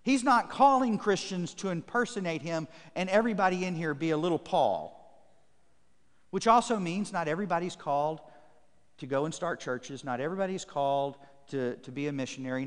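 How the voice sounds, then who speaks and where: A man's voice: fairly high pitch, fairly quick. Preaching man in a reverberant church. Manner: emphatic, repetitive preaching cadence; reads scripture aloud to the congregation. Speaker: pastor. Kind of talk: sermon. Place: church sanctuary.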